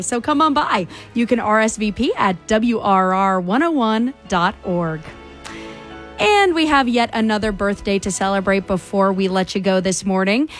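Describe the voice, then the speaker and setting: A woman's voice: medium pitch, no echo. Upbeat woman radio host. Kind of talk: broadcast interview hosting.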